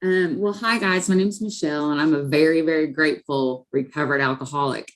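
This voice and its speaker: Deep-ish middle-aged woman telling her story, earnest, lots of ums. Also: fairly quick. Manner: earnest, emotional, many fillers. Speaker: guest. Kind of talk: personal recovery story.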